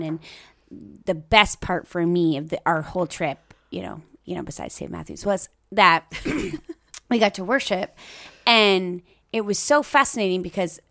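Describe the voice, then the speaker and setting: A woman's voice: fairly low pitch, fairly bright tone, dry recording, clean studio sound. A woman from Maine, co-hosting a faith podcast, speaking earnestly and reflectively in casual chat, with some hesitation. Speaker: podcast co-host.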